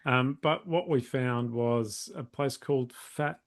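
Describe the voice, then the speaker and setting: An easygoing man co-hosting a relaxed podcast chat. He answers with short agreements and slips in dry, understated jokes. His voice sits in a middle pitch. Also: slow pace. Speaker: podcast co-host. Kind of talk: casual chat.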